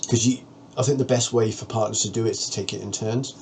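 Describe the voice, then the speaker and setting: A man's voice: on the low side, steady tone, fast, a little mellow, a little hiss or hum. A man vlogging, talking frankly and earnestly to the camera about a personal ordeal in a plain-spoken way. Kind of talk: candid personal monologue to camera.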